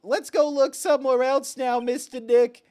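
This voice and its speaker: A man voicing an excitable little girl in a squeaky, chirpy way, reading game dialogue. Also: normal speed, clear, resonant tone.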